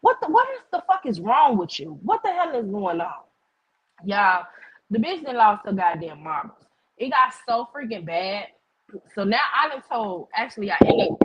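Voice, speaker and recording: A woman's voice: medium pitch, breathy edge, highs cut off. A woman host telling a heated, profane story to her viewers in casual chat. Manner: heated, profane, animated retelling with quoted voices. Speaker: streamer host.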